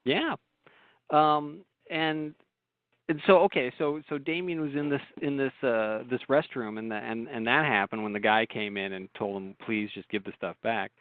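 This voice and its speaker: A man's voice: fairly low pitch, no echo. Guest man, loose rambling storyteller, phone-line sound. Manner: rambling, restarts, laughs while telling stories. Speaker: guest author. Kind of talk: casual storytelling on a call-in show.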